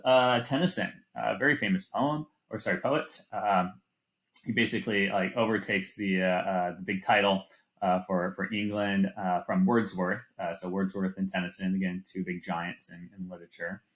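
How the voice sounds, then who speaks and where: Casual lecturing man with a low voice. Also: steady tone, normal speed. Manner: casual, many fillers, reads lines aloud with stress. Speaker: literature teacher. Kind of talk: classroom lecture.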